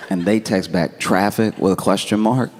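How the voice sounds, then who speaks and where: A man telling a stand-up story on a comedy club stage, laid-back and deadpan, acting out text messages. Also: sits low, normal speed, very noisy. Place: comedy club stage before a laughing audience.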